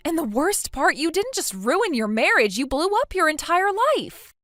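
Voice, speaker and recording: A woman's voice: sits high, big pitch swings, normal speed, fairly bright tone, no room sound, clean studio sound, soft background music. A synthetic woman's voice playing a blunt young woman who lectures her friend sternly in a text-message story. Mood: scolding. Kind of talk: text-to-speech text story narration.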